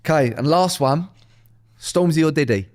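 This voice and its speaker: A man's voice: on the high side, animated, moderate pace, darkish tone. A man co-hosting a podcast, bantering casually and swearing as he mocks people in put-on voices. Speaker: podcast co-host. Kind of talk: casual chat.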